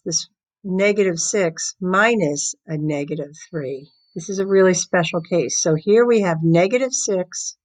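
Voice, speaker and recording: A woman math teacher explaining a lesson step by step, patiently counting out loud and using playful everyday examples. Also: lowish voice, rough recording.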